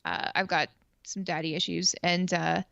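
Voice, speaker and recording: A woman's voice: lowish voice, steady tone, moderate pace, creaky, a bit bright, no echo, dull audio. A woman from Canada telling a long personal story in casual chat, rambling with lots of fillers and swearing freely. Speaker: stream co-host.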